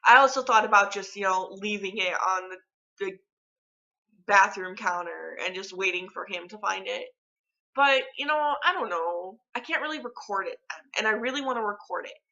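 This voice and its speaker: Bright-voiced young woman rambling to camera. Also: mid-range voice, moderate pace, dull audio. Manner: rambling, chatty, lots of filler words. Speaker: vlogger. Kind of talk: casual chat to camera. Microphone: phone camera.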